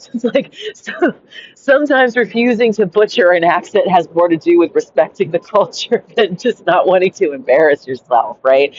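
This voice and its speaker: A woman's voice: lowish voice, expressive, moderate pace. A woman reading her own anecdote aloud and breaking off into rambling, giggly asides full of fillers. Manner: digressive, giggly, many "like" and "right?" fillers. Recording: dull lo-fi home recording.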